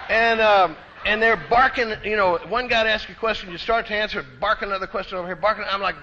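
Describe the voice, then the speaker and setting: A man from Austin with a Texan accent, telling an animated, self-deprecating recovery story to a conference crowd. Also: high voice, fast talker, a little hiss or hum. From Austin, Texas. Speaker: recovery speaker. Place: conference hall. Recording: dull echoey hall recording.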